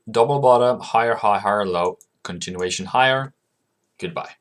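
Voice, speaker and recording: This man's voice sits fairly low and moves at a normal speed. Hosting a forex trading video, he chats through the charts casually, poses his own questions and answers them, and calls his viewers "mate."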